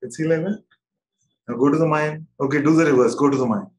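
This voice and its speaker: A man leading a spiritual satsang over an online call, speaking gently and slowly with frequent laughter. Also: on the high side, low-quality recording. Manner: gentle, slow and playful, laughs often. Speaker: spiritual teacher. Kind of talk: satsang talk. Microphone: video call.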